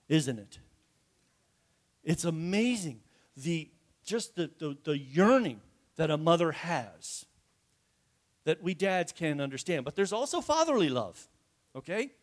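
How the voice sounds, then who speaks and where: A man preaching a sermon to his congregation in a folksy, joking way, often asking them questions. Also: a little high. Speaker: pastor. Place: church before a congregation.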